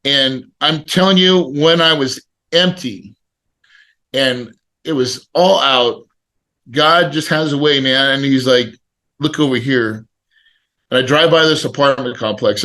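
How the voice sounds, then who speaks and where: A middle-aged man on a podcast, telling a personal story in a casual, animated way and acting out the people he quotes. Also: mid-range voice. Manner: animated, acts out quoted dialogue. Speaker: podcast guest.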